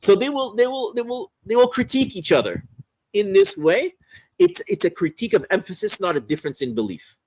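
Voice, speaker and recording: Higher-voiced male religious lecturer. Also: wildly swooping pitch, fairly quick, darkish tone, slight background noise, rough recording. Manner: repeats phrases, restarts, asks "right?". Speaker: Islamic scholar teaching a course. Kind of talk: religious lecture explaining a text.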